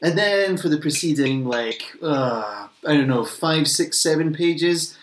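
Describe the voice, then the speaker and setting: A man's voice: fairly high pitch, expressive, unhurried, reverberant, a little hiss or hum. A man co-hosting a casual podcast, reviewing comics, opinionated and swearing freely. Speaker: podcast co-host.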